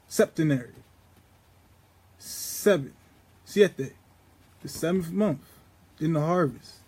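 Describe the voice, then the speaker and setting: This male vlogger's voice is high yet darkish and husky as he wanders through a spiritual talk. He preaches in a profane, street-casual manner, then turns slow and deliberate for each quoted line of scripture.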